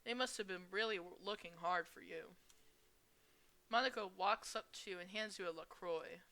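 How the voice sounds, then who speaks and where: A woman's voice: mid-range voice, sharp tone. A young woman reading a visual novel aloud and adding crude asides. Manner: reads slowly, with crude asides. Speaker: gamer.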